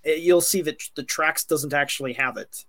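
A man's voice: on the high side, brisk, fairly bright tone. A man talking in a casual podcast chat who rambles and keeps correcting himself.

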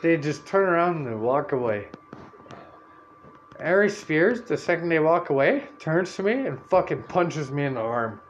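A man hosting a podcast, telling a story in a loud, profane, animated rant and acting out what people said. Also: a little high, moderate pace, slight background noise. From Canada. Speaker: podcast host.

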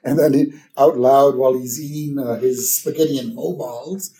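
A man co-hosting a podcast, casually recapping a cartoon episode as a lively storyteller who squeals in high voices for characters. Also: moderate pace. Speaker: podcast co-host.

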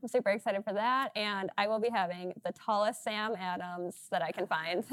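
A woman from Minnesota speaks as a runner guest on a panel. Her talk is quick and casual, full of laughs and self-deprecating asides. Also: mid-range voice, a bit bright.

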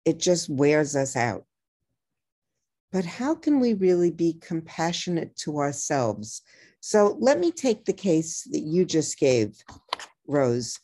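Low mellow woman guiding gently. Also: sing-song. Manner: reflective, repeats key phrases slowly like a mantra. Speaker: psychotherapist and author, guest. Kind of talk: podcast interview, advice.

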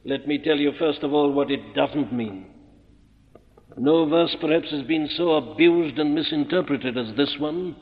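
A man preaching an expository sermon, emphatic and deliberate, posing rhetorical questions and answering them. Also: fairly high pitch. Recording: muffled old recording in a reverberant hall.

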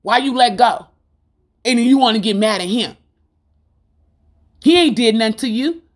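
Fairly high-pitched and expressive, this woman delivers an informal Christian sermon at a moderate pace. Her style is fervent, preachy and rhythmic, repeating lines for emphasis and aiming rhetorical questions directly at her listeners.

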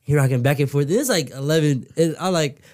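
Relaxed, slangy young-sounding man, mellow tone. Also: a little high, a little fast. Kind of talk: casual chat.

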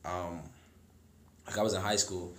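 A young man telling a story in casual, slangy chat. He acts out the people in his story by jumping into a much higher, louder voice. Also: little pitch movement, a little slow, roomy sound. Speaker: podcast guest telling a story.

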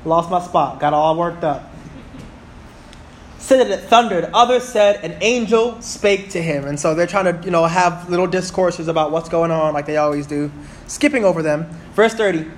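A high-voiced man in his thirties delivers an animated sermon in a church. He reads scripture aloud slowly and throws questions out to the congregation. A faint hum of the room sits behind him. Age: 30s. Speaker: preacher.

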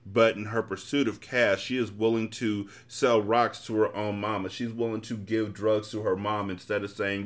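Podcast host reading an urban novel, lowish male voice, casual and blunt. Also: level tone, moderate pace, few pauses. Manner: casual, blunt, profane commentary. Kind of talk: reading a novel aloud and commenting.

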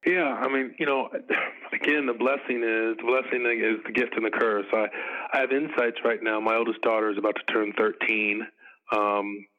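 A middle-aged man talking earnestly in a casual podcast conversation, making his points in measured lists. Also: lowish voice, flat delivery. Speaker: podcast guest. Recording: phone-like tinny line.

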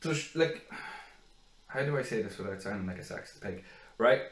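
A man co-hosting a podcast in casual banter, crude and quick to laugh, with the odd acted-out rant. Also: on the low side, expressive, reverberant, rough recording. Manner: crude, laughing, acts out others' rants. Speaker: podcast co-host.

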